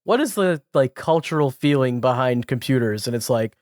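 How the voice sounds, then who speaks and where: A man's voice: mid-range voice, lively intonation, normal speed, no echo. A man co-hosting a loose podcast conversation. He rambles through his points with lots of filler words and frequent giggles. His voice sits in the middle range and sounds close and dry. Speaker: podcast co-host. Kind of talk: casual chat.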